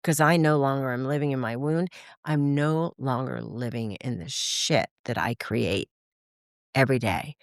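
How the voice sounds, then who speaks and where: A woman's voice: very deep voice, a little slow, dry recording, clean studio sound. A woman in her sixties, a podcast guest, telling stories casually and acting out the dialogue in different voices. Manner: animated, acts out quoted dialogue in voices; frequent filler "like". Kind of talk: casual conversational storytelling.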